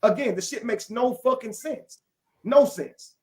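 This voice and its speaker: A man's voice: very high voice, lively intonation, unhurried, darkish tone. A man talking as a guest on a live stream, indignant and defensive, swearing often. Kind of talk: heated live stream talk.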